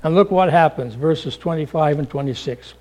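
A middle-aged male pastor preaches a dramatic sermon at normal speed in a voice on the high side. He acts out voices, swings between loud calls and hushed lines, and addresses the congregation as folks.

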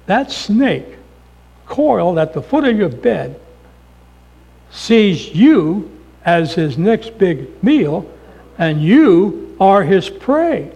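A man preacher playing a calm male veterinarian who speaks low, hushed and slowly. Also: vocal fry, husky, big-room sound, full character voice, rough recording. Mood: grave.

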